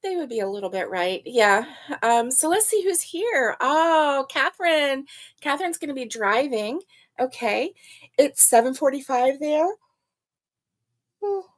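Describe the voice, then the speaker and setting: An older woman talks slowly and easily as she hosts a casual live chat. Her voice sits a little high. She laughs often and greets viewers one by one. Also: animated. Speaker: livestream host.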